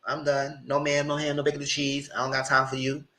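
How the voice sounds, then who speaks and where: A man's voice: monotone, fairly quick, pushed and bright. A man giving a live recap of a reality TV show, talking in a sassy, blunt, slangy way. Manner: sassy, blunt, slangy, breaks into mocking high voices.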